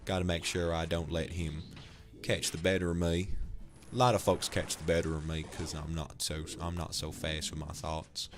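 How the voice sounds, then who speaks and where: A man's voice: low-pitched, little pitch movement, normal speed, close to an everyday voice. A man voicing a sweet, simple-minded cowboy who talks in a folksy drawl. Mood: earnest.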